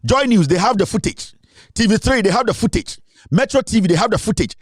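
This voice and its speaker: Emphatic high-voiced Ghanaian man. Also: lively intonation, fairly quick, slightly rough, no room sound, clean studio sound. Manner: emphatic, code-switching, reads out quotes. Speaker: political commentator. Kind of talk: political commentary.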